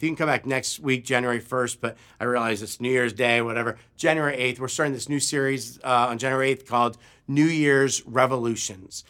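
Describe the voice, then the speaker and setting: A man preaching a sermon as pastor, telling a story and acting out the people in it. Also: mid-range voice. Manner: animated, acts out shouts in his story. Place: church.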